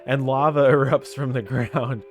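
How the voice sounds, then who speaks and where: A man playing a text game reads the story's narration aloud in a steady, medium-pitched, unhurried voice. Between lines he breaks into laughter and jokes.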